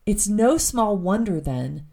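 A woman's voice: mid-range voice, very animated, slow pace, vocal fry, warm tone. A woman hosting a faith podcast, speaking in an earnest, confiding way and laughing at herself now and then. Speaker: podcast host. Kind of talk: reflective faith podcast monologue.

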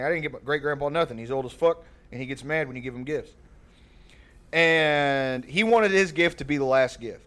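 A man telling a long, rambling, profane family story on a podcast, laughing often. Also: mid-range voice. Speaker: podcast host. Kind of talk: casual storytelling.

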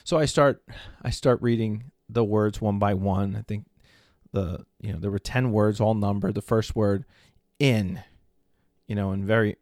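In his forties, this man hosts a faith-based podcast alone, relating a family story conversationally and often checking in with "right?". His voice is lowish and a little mellow, recorded dry with clean studio sound.

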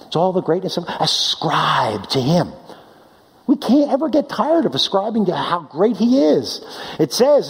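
A man preaching a sermon, animated, swinging between loud high declaiming and quiet low asides. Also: a little slow. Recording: long hall reverb.

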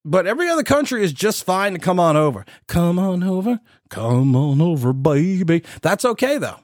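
A man's voice: sits high, very animated, brisk, no echo, studio quality. A man in his forties hosting a podcast, giving sarcastic, incredulous political commentary with mocking asides. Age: 40s. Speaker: podcast host.

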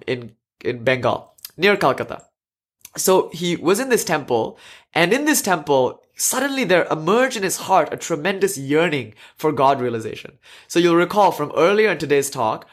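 A man giving a conversational lecture, telling a story earnestly with asides and fillers. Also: on the high side.

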